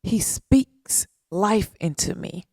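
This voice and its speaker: A woman hosting a podcast, giving a heartfelt, faith-based talk, speaking earnestly with repetition and long pauses. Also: medium pitch, lively intonation, a little mellow, no echo, studio quality. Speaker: podcast host.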